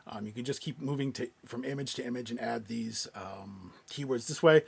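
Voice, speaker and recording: A man presenting a software webinar, walking through a live screen-share demo in a loose, conversational way with many fillers and restarts. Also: mid-range voice, normal speed, gravelly, breathy edge.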